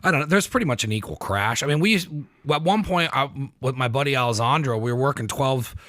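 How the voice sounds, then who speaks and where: Male podcast host, laid-back storyteller, bright tone, dry close mic. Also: mid-range voice, expressive, quick pace, dry recording. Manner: laid-back storyteller, acts out quoted lines. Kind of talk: casual chat.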